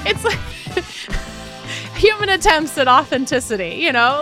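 A woman's voice: sits high, lively intonation, moderate pace, bright, forceful tone, faint music behind. A woman hosting a podcast in casual chat, talkative, laughing easily and swearing casually. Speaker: podcast host.

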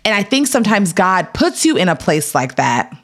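A woman in her thirties, an actor being interviewed, telling a candid personal story in a casual, filler-heavy way and acting out the voices she quotes. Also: normal speed. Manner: animated, acts out quoted voices with big pitch jumps; casual, filler-heavy, laughs between lines.

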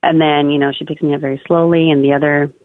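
A young woman guests on a podcast, casually recounting her birth story and peppering her talk with "like" and "oh my God." Her low-pitched voice is flat and fast, coming through a dry, tinny, phone-like line.

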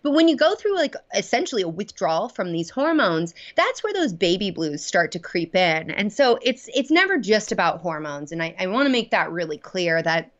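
A woman's voice: mid-range voice, sing-song, moderate pace, hardly any pauses, muffled recording. A woman guest, a doctor and mother, explaining things in a chatty way with lots of fillers and laughs as she talks. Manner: chatty, many fillers, laughs while talking. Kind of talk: casual interview explanation.

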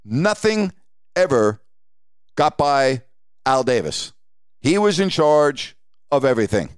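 A man's voice: mid-range voice, takes it slowly, clear, resonant tone, no echo, studio quality. A middle-aged man hosting a podcast, casually telling stories from his sportscasting career and acting out the dialogue. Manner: animated storyteller acting out quoted dialogue. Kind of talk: casual storytelling.

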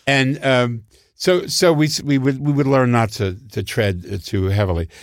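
An older comedy writer swaps show-business anecdotes in relaxed conversation, jumping into high voices whenever he quotes someone. He talks at a normal speed, and the studio-quality recording has no echo.

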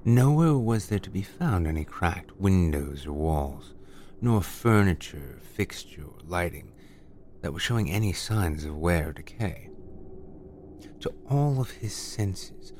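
A man reading a scripted horror story aloud as a narrator, with measured, deliberate, dramatic delivery. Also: deep voice, animated, darkish tone, a little hiss or hum.

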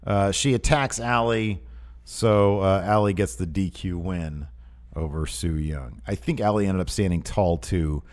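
A man's voice: low voice, a little slow. A man co-hosting a podcast, chatting casually about wrestling news with lots of fillers and an amused, rambling manner. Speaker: podcast co-host.

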